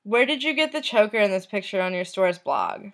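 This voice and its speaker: This woman vlogger is very animated as she reads messages aloud in a middle-pitched voice. Even so, her delivery stays soft and unhurried, and her lines trail away at the ends.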